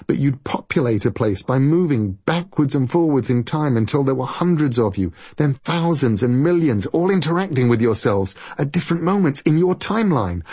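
A man reading an audiobook, voicing a quick-witted male alien time traveller who explains things in a rapid, excited rush. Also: on the high side, breathy edge, no room sound, pitched above the performer's own voice.

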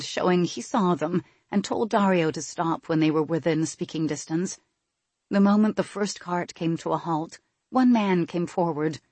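A woman narrates an audiobook in a low, husky voice with steady, measured storytelling. The recording is close and dry, with no room sound. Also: no room sound.

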